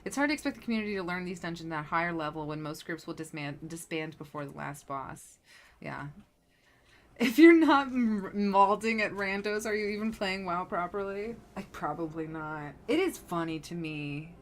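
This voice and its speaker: A woman streamer chatting casually while playing, rambling and animated, full of fillers as she tells a story. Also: lowish voice, brisk, a little hiss or hum. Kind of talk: casual gameplay commentary.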